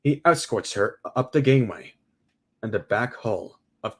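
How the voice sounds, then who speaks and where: A man streaming a casual script read-through, excitable and exclaiming at his own slips. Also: mid-range voice, unhurried. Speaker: streamer reading a film script aloud.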